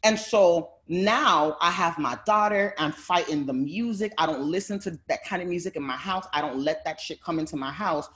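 A woman's voice: on the low side, normal speed, few pauses, a bit bright. A woman guest on a video call, telling family stories in a heated, fiery way and swearing often. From Haitian heritage. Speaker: panel guest. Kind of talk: heated personal testimony.

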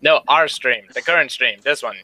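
A man's voice: medium pitch, moderate pace, bright, forceful tone, rough recording. A man co-hosting a stream in casual chat, with a dry, correcting manner.

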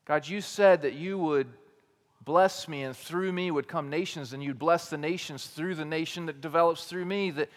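A man preaching a sermon in a slightly higher voice, swinging between loud, ringing declarations and hushed low passages. He often repeats and restarts his words. A long hall reverb trails behind him. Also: moderate pace. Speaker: teaching pastor. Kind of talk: expository sermon.

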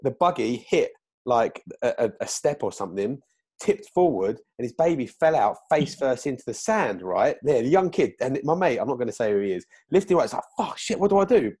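Man, podcast co-host, mid-pitched voice, animated, jokey storytelling. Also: brisk, slightly rough. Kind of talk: casual chat.

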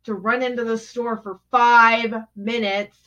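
Woman co-host, higher voice, teasing and argumentative, lo-fi sound. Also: fairly even intonation, a little slow, bright, forceful tone. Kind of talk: casual chat. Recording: dull lo-fi sound.

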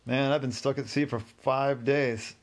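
A man voicing a weary stranded boater who talks slowly and gratefully in a story. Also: medium pitch, steady tone, close to an everyday voice.

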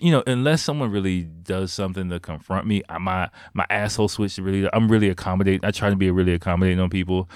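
Deep-voiced man telling a rambling story. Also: no echo, studio quality. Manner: rambling and profane, full of "like" and "you know". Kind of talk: casual storytelling.

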